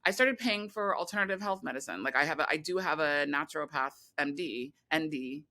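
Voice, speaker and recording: A woman guest on a podcast, telling a long personal story in a rambling, animated way, full of restarts and quoted voices. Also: low-pitched, brisk. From California. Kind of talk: casual interview conversation.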